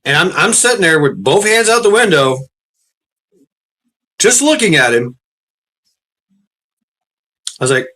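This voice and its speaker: Bright-voiced man rambling. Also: fairly high pitch, very animated, a little slow, pauses often. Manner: profane, rambling, repeats words. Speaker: storyteller. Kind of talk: casual storytelling.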